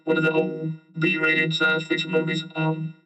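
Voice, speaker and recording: This is a small robot from a cheap old science fiction film, put on by a man through a voice filter. The robot voice drones in one flat, slightly raised tone, with no rise or fall at all. It echoes in the room, and loud synthesizer music plays behind it. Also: a little high, a little slow, voice pushed up. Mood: deadpan. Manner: flat, droning monotone. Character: little robot from an old B-movie.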